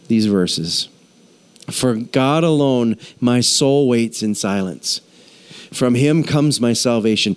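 A middle-aged man, a pastor, preaching a sermon and telling his own story candidly, his voice swinging higher when he gets emphatic. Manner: candid, confessional storytelling with lively pitch swings.

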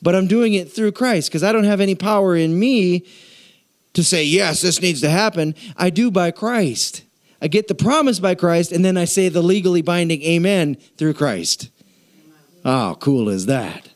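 A man preaching a sermon in a church, energetic and playful, calling out to the congregation. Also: high-pitched, moderate pace. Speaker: pastor.

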